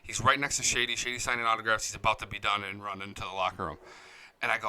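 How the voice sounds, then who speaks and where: A man's voice: fairly low pitch, racing, sharp tone. A man hosting a sports show from a studio, telling stories bluntly and with plenty of swearing while he chats casually to his viewers. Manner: blunt, profane storytelling.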